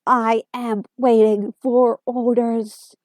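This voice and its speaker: A raspy, metallic alien war machine, put on by a woman reading a story aloud. It barks its words slowly and flatly, with a mellow, dry close sound. A cold, commanding storybook monster. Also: on the high side, dry recording. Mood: menacing. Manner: slow, flat, commanding.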